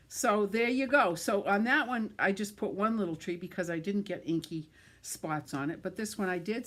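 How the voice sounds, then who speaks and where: A middle-aged woman giving a card-making tutorial while she works, chatty and self-deprecating, tripping over words and laughing it off. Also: medium pitch. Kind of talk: craft tutorial, talking while working.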